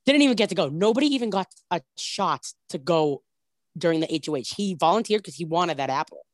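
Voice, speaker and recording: A woman in casual chat, telling a reality show story in an animated way and acting out what people said. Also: lowish voice, brisk, no room sound, clean studio sound. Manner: animated storytelling, acts out quotes, many "like"s.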